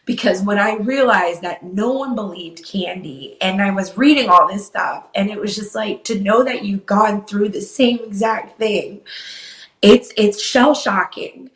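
A woman's voice: mid-range voice, unhurried. A young woman telling her story as an interview guest, blunt and unfiltered, swearing as she goes. Her mid-range voice climbs when the hurt comes through. The room adds a noticeable echo. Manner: candid, swearing, voice rising as she gets upset. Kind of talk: emotional personal storytelling. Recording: roomy echo.

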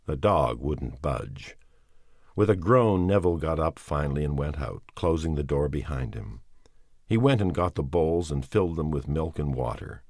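Very deep-voiced male storyteller. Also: animated, moderate pace, a little mellow, dry recording, clean studio sound. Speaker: audiobook narrator. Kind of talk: dramatic audiobook reading.

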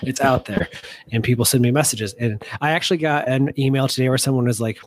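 An upbeat man chatting as a podcast guest, quick to laugh. His voice sits at a middle pitch. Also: a little hiss or hum. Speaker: podcast guest, series creator. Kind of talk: casual chat.

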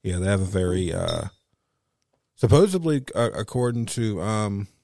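Low-voiced laid-back Philly-co-host. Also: male voice, sing-song, normal speed, gravelly, mellow, dry recording, clean studio sound. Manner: laid-back, drawling, trailing off with fillers. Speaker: podcast co-host. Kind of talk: casual chat.

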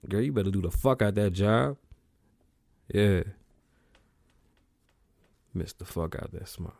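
Man, solo podcast host, casual rant, profane, rambling, jumpy pitch. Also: unhurried, creaky, darkish tone.

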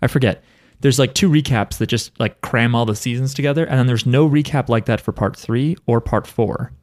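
A man hosting a podcast in easygoing conversation. He rambles, loses his thread and swears offhandedly, in a relaxed and unpolished chat-show manner. His voice sits at an ordinary middle pitch. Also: brisk, slight background noise. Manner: rambling, loose and swears casually. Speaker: podcast host. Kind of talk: casual chat.

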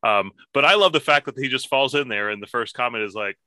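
A male podcast co-host with a sharp, very bright tone and a wry, deadpan way of making his points. The sound is dry and close. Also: mid-range voice, quick pace, no room sound. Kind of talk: casual fan podcast chat. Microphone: remote call mic.

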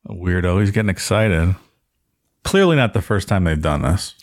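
Deep-voiced man reacting bluntly. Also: sing-song, moderate pace, no echo, studio quality. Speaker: podcast co-host. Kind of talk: casual chat.

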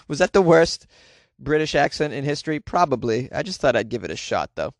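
A man's voice: on the high side, big pitch swings, moderate pace, pauses often, dry recording, clean studio sound. A man hosting a comedy podcast, reading news stories and mocking them with sarcastic jokes. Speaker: podcast host.

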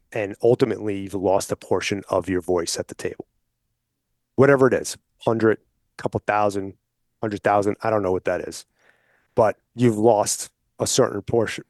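A man with a fairly low voice talks casually on a podcast, building a persuasive case step by step. His voice is close and dry, with no room sound, and he keeps pulling the listener along with little check-ins. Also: normal speed, a little mellow, dry recording. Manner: persuasive, explanatory, addresses listeners directly with "okay?". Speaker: hunting advocate guest.

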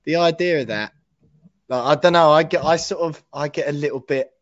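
A man co-hosting a podcast in casual chat, excitable and chummy, often saying mate. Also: fairly high pitch, fairly quick, dry recording, highs cut off. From England. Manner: excitable, chatty, says mate a lot. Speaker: podcast co-host.

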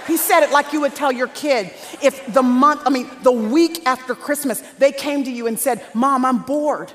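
A woman preacher delivering a sermon, swinging from hushed near-whispers to shouted peaks. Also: sits high, steady tone, normal speed. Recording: reverberant hall with faint crowd.

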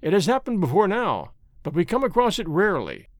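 Man voicing a bored young nobleman, drawling, sly, lively pitch, dry sound. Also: a little fast, no echo. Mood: mocking. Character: languid wealthy young Spanish nobleman, lazy and mocking.

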